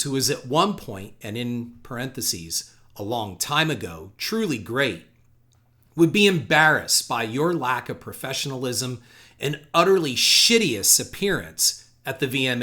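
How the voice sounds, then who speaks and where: A man's voice: medium pitch, fairly bright tone. Sardonic man reading insults aloud. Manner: sardonic, reads insults with mock emphasis. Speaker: podcast host. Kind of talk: reading quotes aloud with commentary.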